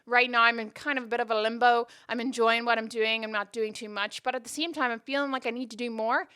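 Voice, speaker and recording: Brief: woman podcast host, Canadian accent with Northern Irish traces, slightly high voice, candid and reflective delivery. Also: steady tone, fast talker, bright, forceful tone, smooth. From Northern Ireland. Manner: candid and reflective, with frequent restarts. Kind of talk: casual podcast monologue. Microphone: close microphone.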